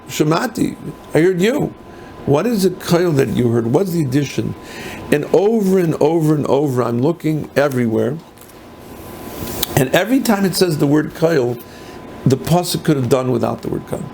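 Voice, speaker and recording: Older rabbi, gravelly, kinda high voice, faint hiss behind. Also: male voice, expressive, normal speed, warm tone. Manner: mixes Hebrew and Yiddish terms, rhetorical questions. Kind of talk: Torah lecture. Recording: faint background noise.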